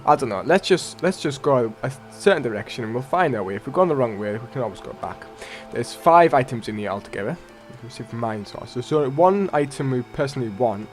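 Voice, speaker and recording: A man's voice: mid-range voice, lively intonation, fast, few pauses. A man hosting a let's play, giving casual, rambling gameplay commentary that often corrects itself. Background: faint game music.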